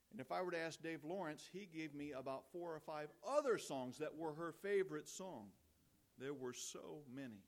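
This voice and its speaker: A man delivers a funeral eulogy as the pastor, speaking at an everyday pitch. He talks in a conversational, storytelling way with gentle humor, and he circles back to key phrases for emphasis.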